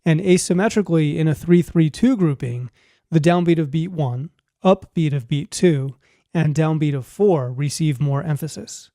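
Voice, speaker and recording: A man narrating a scripted music lesson, explaining clearly and at a measured pace. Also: a little high, dark tone, no room sound, studio quality. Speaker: music teacher.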